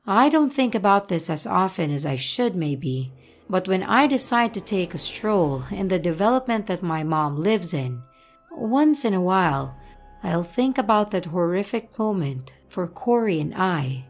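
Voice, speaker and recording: A woman reading a viewer's true creepy story aloud, steady and dramatic. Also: lowish voice, unhurried, faint music behind. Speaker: narrator reading viewer stories. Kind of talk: scripted horror story narration.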